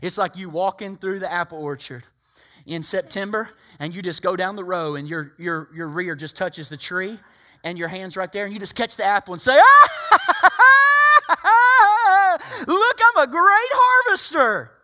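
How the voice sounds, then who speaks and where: A man preaching a sermon, emphatic and animated, acting out people's voices. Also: high voice, normal speed.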